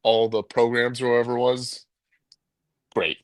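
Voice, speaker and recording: A man's voice: mid-range voice, little pitch movement, moderate pace, no room sound. A man co-hosting a sports call-in show, talking casually and rambling with many restarts and laughs.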